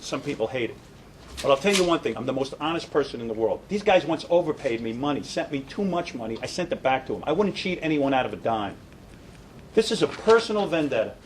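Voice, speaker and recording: A man's voice: fairly high pitch, low-quality recording. Man, middle-aged, broadcaster at a press conference, indignant, sarcastic, faint background noise.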